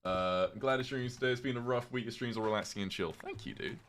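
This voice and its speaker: A British man casually chatting with his viewers on a livestream, reading chat aloud, swearing freely and reacting with sudden loud outbursts. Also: mid-range voice, fast talker, a little hiss or hum. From Britain.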